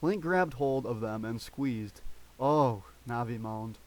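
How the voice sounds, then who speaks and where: A man doing a comic read-aloud of a story in a deadpan voice, now and then cracking up. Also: mid-range voice, measured pace, poor audio. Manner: deadpan reading, breaking into laughter. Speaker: reader of fan fiction.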